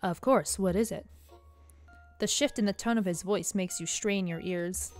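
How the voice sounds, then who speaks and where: A woman's voice: mid-range voice, normal speed, lightly acted. A woman reading a tired young guy stumbling through a tense call, faint music under it. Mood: strained. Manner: hesitant, stumbling. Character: weary young man, polite but strained.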